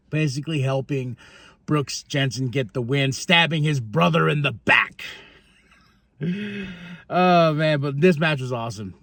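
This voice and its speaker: Podcast host, male, higher-pitched, excitable casual recapper, dry close sound. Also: no echo. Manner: excitable, chatty, laughs often, acts out quotes.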